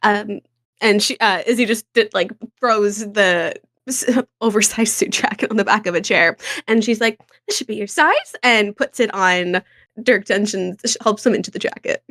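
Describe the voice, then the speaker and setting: A woman's voice: mid-range voice, fairly even intonation, moderate pace, a bit bright, dry recording, studio quality. A young woman playing in a tabletop role-play, describing her character's actions in a rambling way with many fillers. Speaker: player.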